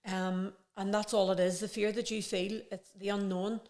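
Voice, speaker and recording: A woman's voice: mid-range voice, flat delivery, normal speed, darkish tone. Woman, casual conversation, earnest, reflective, rambling. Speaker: podcast guest.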